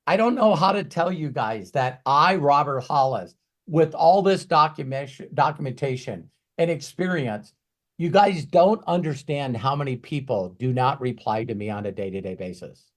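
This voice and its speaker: A man coaching in a Q&A talk, emphatic and ranting, swinging from quiet asides to loud bursts. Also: on the high side, animated, normal speed. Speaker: business coach.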